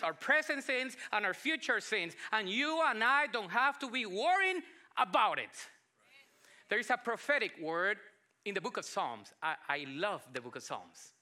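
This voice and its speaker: A man in his forties from Colombia with a Colombian Spanish accent mixed with South Texas English, preaching a sermon as a pastor with emphatic phrasing and quieter asides. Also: high voice. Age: 40s. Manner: emphatic preaching with pauses, drops to soft asides.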